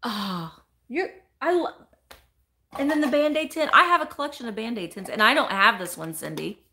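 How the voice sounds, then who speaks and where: A woman chatting through a casual live stream from home, gushing over each thing she opens and reading out viewers' names. Her voice is bright and forward, sitting a little high, and her pitch swoops all over as she talks. She sounds chatty and easily excited. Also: moderate pace, a little hiss or hum. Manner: chatty, gushing, exclamatory, reads viewer comments aloud. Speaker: reseller hosting a live stream. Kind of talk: casual live-stream chat, opening mail.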